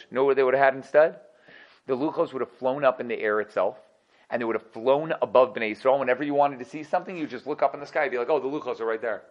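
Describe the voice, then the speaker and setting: A man teaching an energetic Torah class, full of rhetorical questions and quick laughs. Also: medium pitch, highs cut off.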